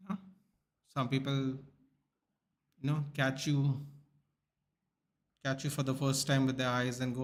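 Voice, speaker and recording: A man's voice: medium pitch, unhurried, long pauses. A young man, talking bluntly and swearing often as he chats with viewers on a live stream. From India. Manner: blunt and animated, swears often, calls people dude. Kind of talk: casual live-stream chat.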